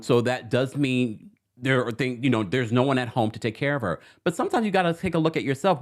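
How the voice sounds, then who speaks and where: Male livestream host, mid-pitched, very lively intonation, sassy reality TV commentary. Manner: animated, sassy, talking straight to cast members. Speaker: podcast host.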